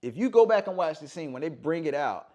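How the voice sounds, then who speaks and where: Animated man retelling a film scene. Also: a little high, quick pace. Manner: animated storytelling, acts out movie lines, says "man" often. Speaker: podcast host. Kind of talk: casual podcast chat.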